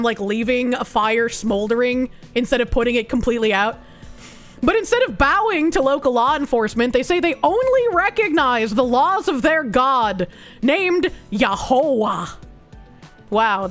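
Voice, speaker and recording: A woman's voice: high-pitched, a bit bright. A young woman streamer reacting to news and chat, sarcastic, swearing freely and laughing often. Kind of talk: casual live-stream reaction, reading news and chat aloud.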